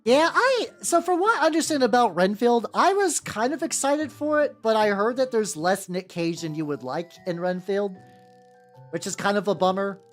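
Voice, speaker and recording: A woman's voice: medium pitch, lively intonation, moderate pace. A woman from America streaming as a VTuber while painting miniatures, chatting casually with viewers in a rambling, profane way. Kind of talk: casual livestream chat. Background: faint background music.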